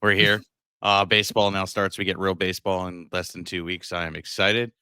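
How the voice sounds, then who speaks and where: A man's voice: low voice, level tone, fairly quick, sharp tone, smooth, no room sound, studio quality. A man co-hosting a sports podcast in loose, joking casual chat with plenty of fillers. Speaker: podcast co-host.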